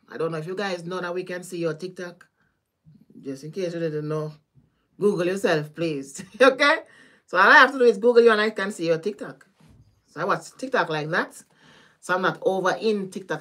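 A woman with a Caribbean patois accent talks to her live-stream audience in an easy, rambling way. Her voice sits a little low for a woman. She is animated and quick to laugh, and she swears freely as she chats. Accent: Caribbean, Jamaican-style patois. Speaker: tarot reader. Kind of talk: casual live-stream chat with viewers.

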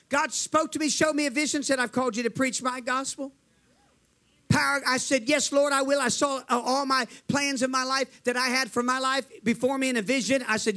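A man's voice: very high voice, bright, forceful tone. A man preaching a fervent sermon, telling his testimony, calling to the crowd and acting out the voices in his story.

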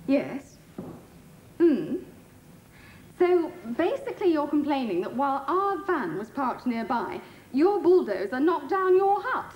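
A dry, witty personal assistant. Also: female voice, sits high, very animated, unhurried, muffled recording, slight background noise. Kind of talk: 1980s studio sitcom acting. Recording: roomy studio.

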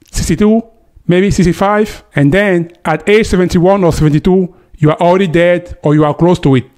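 A man's voice: high voice, darkish tone. A man hosting a commentary video, talking straight to the viewer with emphasis. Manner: emphatic, addresses viewer directly. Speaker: host. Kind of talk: commentary monologue.

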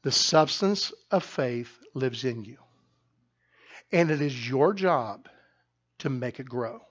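A middle-aged man, the pastor, preaching a sermon loudly and emphatically, often restarting his sentences. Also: mid-range voice, lively intonation, slow pace, husky, highs cut off. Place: church sanctuary.

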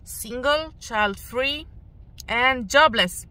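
A woman in her thirties, a radio presenter, talking frankly and loudly in a personal vlog; English is not her first language. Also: medium pitch, expressive, slow pace, long pauses, background noise. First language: Romanian. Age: 30s. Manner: loud, emphatic and frank.

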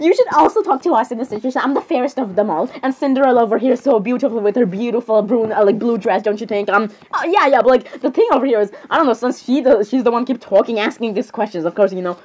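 Giggly high-voiced woman reacting in character. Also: quick pace, hardly any pauses, a little hiss or hum, rough recording. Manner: giggly, apologetic, excitable. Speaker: role-play reaction streamer.

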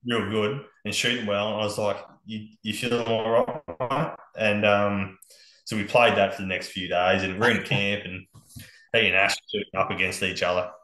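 A man's voice: lowish voice, flat delivery, normal speed, pushed and bright, echoey room, poor audio. An Australian man telling hunting-camp stories as a podcast guest, laid-back and swearing freely. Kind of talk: casual storytelling on a podcast.

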